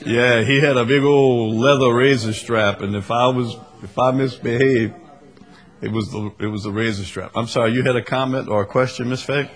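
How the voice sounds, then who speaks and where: A man preaching a sermon, animated, acting out scenes with a raised voice and taking questions from the congregation. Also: mid-range voice, moderate pace. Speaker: pastor.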